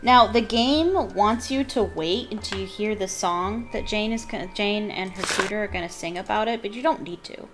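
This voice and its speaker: A woman's voice: mid-range voice, normal speed, hardly any pauses, music in the background. A woman streamer giving chatty, enthusiastic commentary while playing a game, with rambling asides. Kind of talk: casual gameplay commentary.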